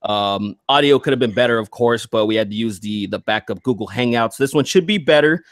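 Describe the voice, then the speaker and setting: A man's voice: mid-range voice, fairly quick, no echo, studio quality. A man hosting a casual podcast, rambling and crude, with frequent restarts and laughter. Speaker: podcast host.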